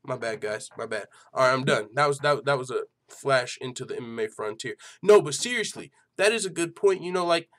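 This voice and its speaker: A man's voice: medium pitch, lively intonation, a little fast, few pauses, fairly bright tone. A man hosting an MMA news channel in casual chat, swearing freely and laughing often. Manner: loose and profane, laughs a lot, lots of fillers.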